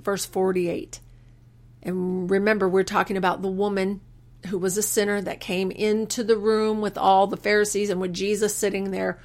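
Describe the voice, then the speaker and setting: Female podcast host with an earnest, sermon-like delivery, mid-range voice, stops and restarts when moved. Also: mid-range voice. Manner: earnest, preacherly, quotes scripture with slow emphasis. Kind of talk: faith-based personal reflection.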